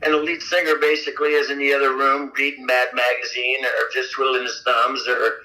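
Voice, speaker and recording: Bright-voiced man telling studio stories. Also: brisk, rough recording. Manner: animated, acts out quotes with big pitch jumps. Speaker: rock vocalist guest. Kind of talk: casual interview storytelling. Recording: radio interview audio.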